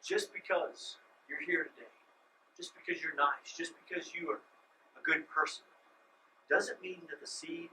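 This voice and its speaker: Pastor, male, dynamic sermon delivery with loud emphasis and hushed asides, high voice, mic at a distance. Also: fairly even intonation, measured pace, a little hiss or hum. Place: church sanctuary.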